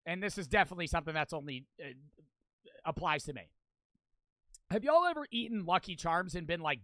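A man's voice: on the high side, lively intonation, fairly quick, long pauses, a bit bright, no echo. A young man streaming, reacting in loose, profane, rambling casual commentary.

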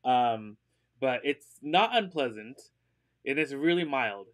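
A man with a medium-pitched, animated voice speaks slowly while hosting a live online sale of secondhand designer purses. Upbeat and gushing, he chats casually with plenty of fillers and giggles often as he raves about the bags.

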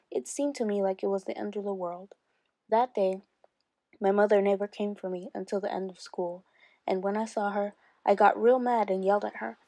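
A woman's voice: medium pitch, no echo. Woman teacher reading a novel aloud. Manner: steady storytelling read-aloud.

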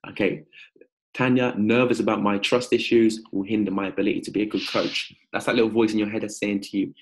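A man hosting a live-stream coaching pitch, energetic and upbeat, calling out viewers by name. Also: fast talker, slight background noise.

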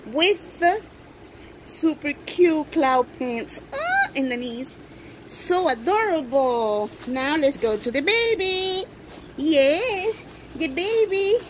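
A woman filming an unboxing vlog at home, gushing with excitement and cooing as she talks. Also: sits high, slow pace, a little hiss or hum, rough recording. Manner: gushing, excited, coos over the doll. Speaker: reborn doll collector vlogger. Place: indoors at home.

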